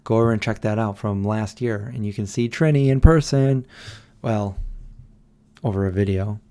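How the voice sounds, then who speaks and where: A man's voice: lowish voice, moderate pace, warm tone, clear, resonant tone. A tired man hosting a late-night livestream, rambling and answering viewers as he reads their messages aloud. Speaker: livestream host. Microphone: desk microphone.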